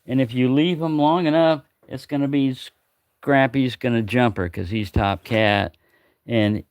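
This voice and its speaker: Gravelly retired man telling rambling stories. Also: medium pitch, no echo. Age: older. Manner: chatty, repeats words, acts out quoted voices. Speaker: live-stream host. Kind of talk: casual rambling storytelling.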